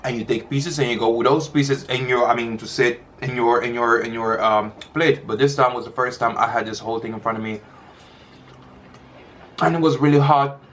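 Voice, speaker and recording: A man talks at a relaxed pace through a home eating video, pausing to chew and drifting between topics. His voice sits at an ordinary middle pitch. A faint hiss of background noise runs under the recording. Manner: chatty, rambling, eating between words. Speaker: mukbang vlogger. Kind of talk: casual chat while eating.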